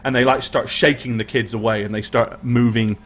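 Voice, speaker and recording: A man's voice: medium pitch, steady tone, fairly quick. A man narrating as game master of a tabletop game, with rambling, filler-heavy speech.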